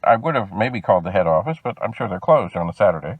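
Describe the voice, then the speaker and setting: Animated man telling an exasperated story. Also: on the low side, fast, breathy edge, dry recording, narrow, tinny audio. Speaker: video host. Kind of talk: storytelling vlog.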